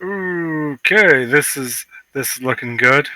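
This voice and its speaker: A man narrating as game master of a tabletop game, playful and animated. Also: a little high, slow, no echo.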